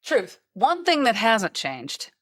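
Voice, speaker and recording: A woman hosting a podcast, chatting casually and telling stories with lively asides and little impressions. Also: fairly high pitch, takes it slowly, no room sound, clean studio sound. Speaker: podcast host. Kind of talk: casual chat.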